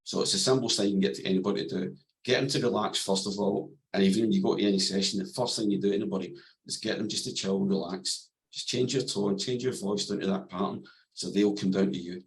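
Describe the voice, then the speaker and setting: A man guesting on a podcast as an NLP coach, calm and plain-spoken, explaining ideas through simple stories. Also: low voice, quick pace, poor audio. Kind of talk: podcast interview, explaining and storytelling.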